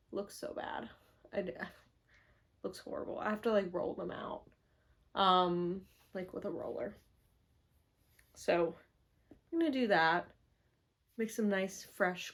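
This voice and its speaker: Woman rambling slowly in her home office, lots of likes and ums, kinda self-mocking. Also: mid-range voice. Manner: rambling and chatty, full of "like" and "um". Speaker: book vlogger. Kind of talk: casual chat.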